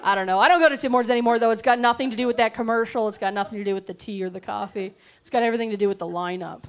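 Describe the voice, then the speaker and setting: A woman's voice: fairly high pitch, racing. A young woman doing a bawdy, sarcastic stand-up set into a handheld mic on a comedy club stage. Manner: sarcastic, bawdy, animated storytelling.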